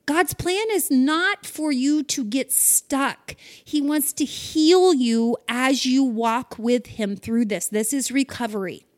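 A middle-aged woman hosts a spoken devotional, addressing her listeners directly. Her high voice moves at a slow, deliberate pace, and she stays earnest and encouraging the whole way through.

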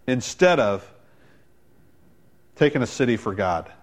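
A male pastor preaching a sermon, quoting people in quick voiced asides and building to loud, emphatic climaxes. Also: expressive. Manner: preaching with dramatic rises in pitch and volume; quotes others in voiced asides.

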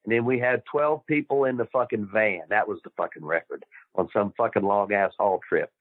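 An older man, a former wrestler guest on a podcast, talking in a blunt, profane, gruff way. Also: on the low side, a little fast, dry recording. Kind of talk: casual interview. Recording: tinny dry phone line.

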